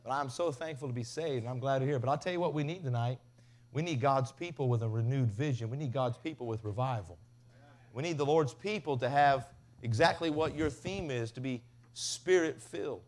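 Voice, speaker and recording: A man preaching a revival sermon, telling stories with big swings from loud to hushed. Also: mid-range voice, brisk. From Tennessee. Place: revival tent.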